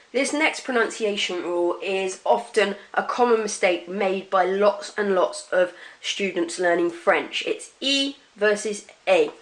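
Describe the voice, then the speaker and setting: A woman's voice: medium pitch, a bit bright. Patient woman teaching pronunciation. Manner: clear, patient, repeats example words slowly. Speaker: French teacher. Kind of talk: classroom pronunciation lesson.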